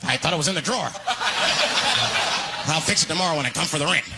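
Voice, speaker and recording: A man voicing a jittery, pushy male landlord who nags and pleads for rent in a frantic, high voice. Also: quick pace, close to an everyday voice. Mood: flustered. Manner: frantic, high, nagging pleas. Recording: loud crowd noise of a live stand-up show.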